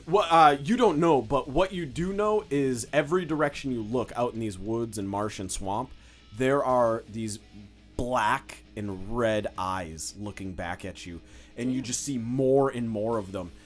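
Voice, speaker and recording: A man's voice: mid-range voice, measured pace, faint music behind. A young man narrating as game master in a loose, casual way, with lots of fillers. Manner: loose, filler-heavy describing with many "like"s.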